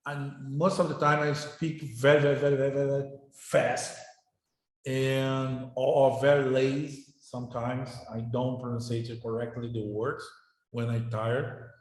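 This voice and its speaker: A middle-aged male professor, speaking informally to his class in halting English, often repeating words. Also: mid-range voice, flat delivery. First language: Portuguese. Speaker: university professor. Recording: very echoey room.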